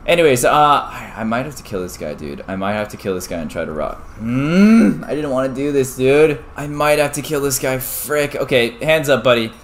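A young man narrating his gameplay as a YouTuber, excitable, dropping from quiet mutters to sudden yelps. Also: mid-range voice, moderate pace, few pauses, a little hiss or hum. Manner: excitable, swings from muttering to yelping. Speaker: gaming YouTuber. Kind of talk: game commentary.

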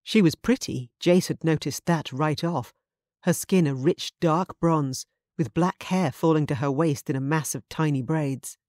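A woman audiobook narrator reading a contemporary romance in an even, measured scripted narration. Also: low-pitched, no room sound, studio quality.

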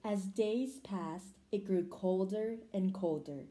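A woman reading a children's picture book aloud in an expressive storytelling manner. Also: mid-range voice, slow. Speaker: storybook reader. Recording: roomy echo.

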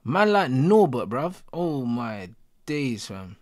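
A young man, reacting live to a football match as a streamer, excitable and full of slang. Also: medium pitch, slow pace. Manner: excitable, slangy, repeating exclamations. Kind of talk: live watch-along reaction.

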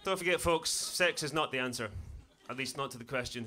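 Glaswegian comedian with dry punchlines. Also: male voice, medium pitch, a little fast. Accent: Scottish, Glaswegian. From Scotland. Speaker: stand-up comedian. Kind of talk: stand-up comedy set. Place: comedy club. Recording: noisy live comedy club. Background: audience laughter.

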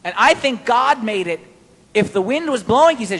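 A man preaching a sermon-style Bible study, animated and playful, quizzing his listeners. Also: very high voice, moderate pace, breathy edge, in a large hall.

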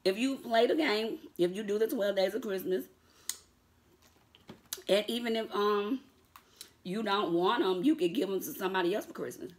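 A woman's voice: medium pitch, moderate pace, pauses often. A woman vlogger chatting casually to her viewers, calling them y'all and laughing often, defiant and sassy toward her critics. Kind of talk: casual vlog talk to viewers.

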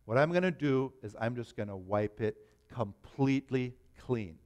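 A man voicing a generous, merciful king in a spoken parable, with a slow, reassuring delivery. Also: mid-range voice, darkish tone, natural voice.

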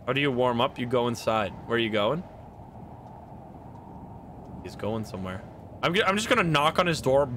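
A man's voice: medium pitch, animated, moderate pace, long pauses, fairly bright tone, slight background noise. A man streaming himself playing a video game, narrating his moves with swearing, laughs and sudden outbursts. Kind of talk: casual gameplay commentary.

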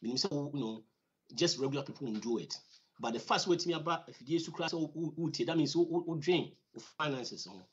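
A man's voice: fairly high pitch, lively intonation, quick pace, slight background noise. A man with a Ghanaian accent giving a conversational finance lesson, repeating words for emphasis and using many fillers. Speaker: financial educator. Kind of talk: teaching talk on personal finance. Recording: slightly dull lo-fi recording.

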